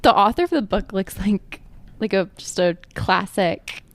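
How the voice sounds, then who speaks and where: A woman's voice: medium pitch, lively intonation, unhurried, a little hiss or hum. A woman co-hosting a podcast, chatting easily and closing out the episode. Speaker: podcast co-host. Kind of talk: casual chat and sign-off.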